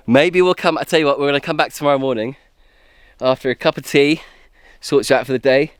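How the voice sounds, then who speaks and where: A man's voice: mid-range voice, smooth, no room sound. Chatty man exploring outdoors. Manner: chatty, excitable, talks to himself while exploring. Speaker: bushcraft vlogger. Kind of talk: casual exploring commentary to camera. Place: outdoors in woodland.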